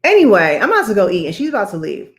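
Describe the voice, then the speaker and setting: A woman's voice: mid-range voice, wildly swooping pitch, very fast. A woman co-hosting a casual chat with her mother, teasing and playful. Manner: teasing, playful, laughing often. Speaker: co-host, psychiatrist.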